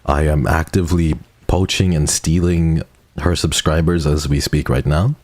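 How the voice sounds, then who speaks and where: A man's voice: a bass voice, steady tone, normal speed, darkish tone, dry recording. A man hosting a live stream, chatting casually with a guest, joking and swearing often. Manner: joking, profane, laughs often. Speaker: streamer host.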